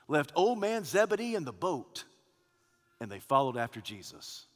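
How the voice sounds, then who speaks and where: A man preaching a sermon as pastor, swinging between loud declarations and hushed, quiet lines. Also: fairly high pitch. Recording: long hall reverb.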